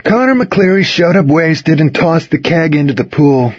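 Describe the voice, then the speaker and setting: A man's voice: on the high side, expressive, moderate pace, voice pushed up. A man voicing a brash teenage jock who talks bluntly and crudely. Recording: dull, dry lo-fi reading.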